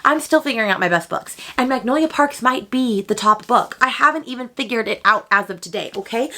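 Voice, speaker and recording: A young woman vlogging a casual, animated rant about books she disliked, sounding exasperated. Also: a little high, fairly quick, few pauses, a little hiss or hum. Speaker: book vlogger. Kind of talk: casual ranting book review.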